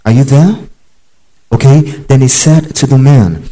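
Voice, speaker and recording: Emphatic preacher man with mellow tone. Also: mid-range voice, moderate pace, poor audio. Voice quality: emphatic and repetitive, checking in with the listeners. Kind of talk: sermon-style Bible teaching.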